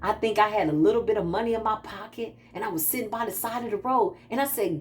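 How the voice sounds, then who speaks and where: Animated woman spiritual talker. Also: medium pitch, fast talker, hardly any pauses. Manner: animated, laughing, quotes herself in playful asides. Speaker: spiritual practitioner and channeler. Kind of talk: casual spiritual talk to viewers.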